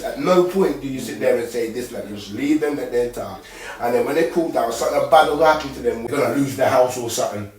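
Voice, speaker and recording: A man's voice: medium pitch, fast talker, a little mellow. A man talking casually, rambling in street slang with lots of tag questions as he gives advice as a dad. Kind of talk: casual monologue. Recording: echoey room from far off.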